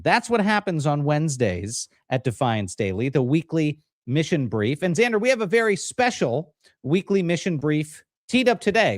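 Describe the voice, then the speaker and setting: A man hosting a live political stream, talking in an energetic, jokey way as he hypes up the guests. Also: on the high side, no echo, studio quality. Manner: energetic, jokey, hype-building introductions. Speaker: livestream host. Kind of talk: upbeat live-stream show opening.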